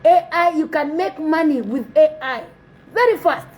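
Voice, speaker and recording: High-voiced woman, urging. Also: animated, normal speed, a little mellow, poor audio. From South Sudan. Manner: earnest, repetitive, urging. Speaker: commentator. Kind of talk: impassioned commentary.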